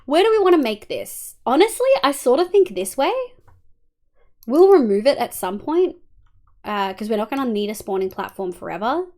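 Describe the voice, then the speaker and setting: A woman's voice: on the high side, very animated, normal speed, darkish tone. A woman with an Australian accent, casually streaming a game and chatting with viewers, rambling with lots of ums and muttering while she builds. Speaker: livestreamer.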